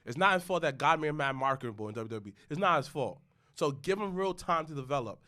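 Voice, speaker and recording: A man hosting a podcast in casual chat, slangy and excitable, riffing on wrestling. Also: fairly high pitch, fast. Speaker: podcast host.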